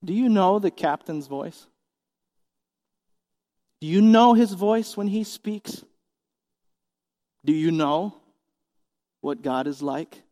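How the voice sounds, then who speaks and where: A man's voice: sits high, expressive, slow, pauses often, warm tone, big-room sound. A man in his forties preaching a sermon as pastor, earnest and emphatic, asking the congregation questions. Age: 40s.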